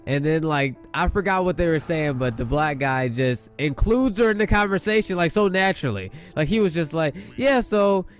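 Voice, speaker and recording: A man's voice: fairly high pitch, lively intonation, a little fast, few pauses, faint music behind. A young man, a gaming YouTuber, telling a boastful, profane, rambling story in casual talk into a desk mic. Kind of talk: casual storytelling over gameplay.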